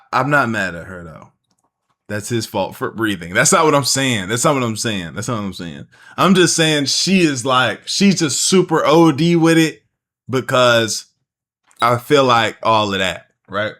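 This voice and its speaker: A man's voice: medium pitch, sharp tone. A man streaming a casual reaction, talking bluntly and jokingly with slang and swearing.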